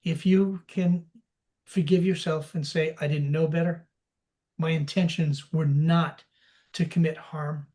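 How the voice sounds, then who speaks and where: A man's voice: a little high, mellow. A man telling stories as a podcast guest, slipping into the voices of the people he quotes. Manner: storytelling, acting out quoted dialogue. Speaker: podcast guest, sales expert. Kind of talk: casual interview talk.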